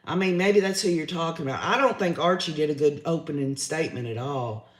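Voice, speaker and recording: On his livestream, a man whose voice is on the high side talks a little fast, with reverberation in the sound. He shares his opinions casually, reads the chat aloud, and keeps saying "y'all."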